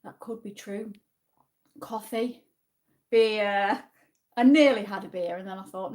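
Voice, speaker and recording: A woman's voice: mid-range voice, unhurried, long pauses, a little mellow. A woman from Yorkshire with a northern English accent, hosting a casual livestream quiz and chatting back to viewer comments. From Yorkshire, England. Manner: chatty, reads viewer comments aloud and answers them. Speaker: livestream host.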